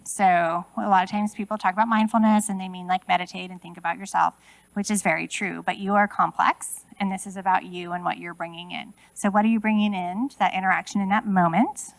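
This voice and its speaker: A woman's voice: medium pitch, steady tone, fairly quick, creaky, dry recording, poor audio. A woman in her forties giving a conversational keynote talk, asking her audience many rhetorical questions. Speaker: keynote speaker. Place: conference room.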